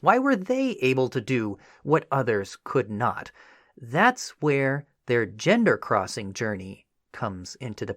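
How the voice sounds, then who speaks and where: A man with a mid-range voice hosts a history podcast, recorded in a clean studio with no room sound. He narrates his script conversationally and with animation, dropping in frequent "you know" asides.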